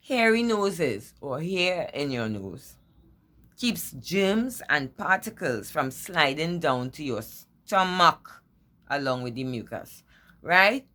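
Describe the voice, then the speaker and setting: Husky, low-voiced woman vlogger. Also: bright, forceful tone. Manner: playful, teasing, with drawn-out emphasis. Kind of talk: casual opinion vlog.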